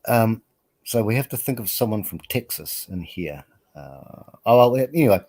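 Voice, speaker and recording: A man's voice: lowish voice, expressive, moderate pace, darkish tone, breathy edge. A man hosting a live stream, chatting casually in a rambling, self-deprecating way and laughing often. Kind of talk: casual chat.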